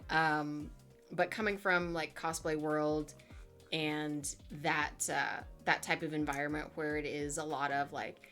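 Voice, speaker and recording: A woman's voice: low-pitched, fairly even intonation, slow, a bit bright, faint music behind. A woman in her twenties chatting casually with her live chat as a streamer, full of fillers and playful asides.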